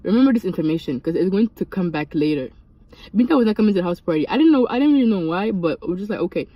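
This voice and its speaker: Animated young woman telling a story. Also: very fast, no echo, dull audio. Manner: animated, jumps into high-pitched quoted voices. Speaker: vlogger. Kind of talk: casual storytime.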